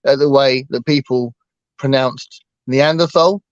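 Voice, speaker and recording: A man's voice: medium pitch, steady tone, unhurried, dry recording, lo-fi sound. A man co-hosting a casual book chat, rambling with lots of fillers and restarts. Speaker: booktuber co-host.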